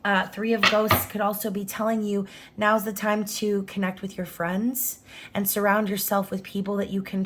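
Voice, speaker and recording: A woman's voice: medium pitch, slight background noise. A woman reading tarot cards to camera in a chatty, reassuring way, often checking in with "okay?". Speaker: tarot reader.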